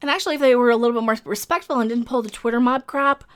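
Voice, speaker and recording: A woman's voice: a little high, rapid-fire, a bit bright. A woman hosting a commentary video, ranting in a heated, emphatic way, repeating her points and swearing often. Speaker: commentary channel host.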